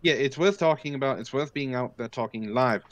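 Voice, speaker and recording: A man speaks bluntly in a casual live online discussion, indignant and quick to swear. His pitch sits in an everyday middle range. The sound is dry, with no room around it. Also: no echo.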